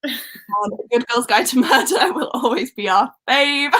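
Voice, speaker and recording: A young Welsh woman hosts a relaxed book livestream, chatty and quick to giggle. Her voice sits fairly high and swings up and down a lot. Her tone is bright and clear. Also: low-quality recording. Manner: giggly, chatty, reading out live comments. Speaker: book channel host. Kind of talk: casual livestream chat.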